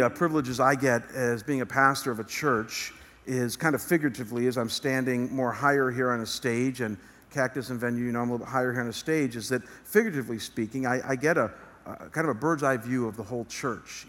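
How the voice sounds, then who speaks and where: A man's voice: mid-range voice, fast talker, fairly bright tone. A male pastor preaching an earnest sermon from a church stage, building emphasis as he speaks. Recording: long reverb of a large hall.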